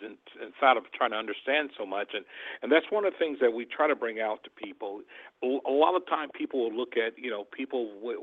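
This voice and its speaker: A male radio host talking with his guest, halting and repeating words. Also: medium pitch. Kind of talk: call-in radio talk. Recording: tinny phone line.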